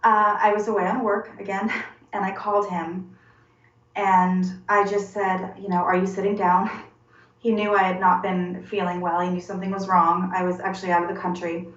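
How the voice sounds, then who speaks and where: A woman in her forties giving a personal testimony in an interview, halting and earnest, often repeating words as she searches for them. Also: medium pitch, flat delivery, fairly bright tone. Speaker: interview guest. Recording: roomy, distant and dull-sounding.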